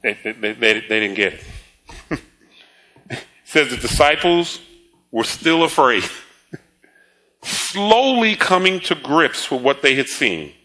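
A man's voice: mid-range voice, sing-song, takes it slowly, long pauses, bright, forceful tone. A man preaching a sermon, telling the story with frequent laughs and acted-out quotes. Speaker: pastor.

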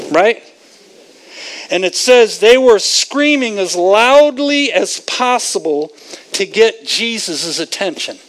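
Guy preaching a sermon, talks slow, high-ish voice, acts out the bible people. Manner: animated, acts out the scripture figures in voices.

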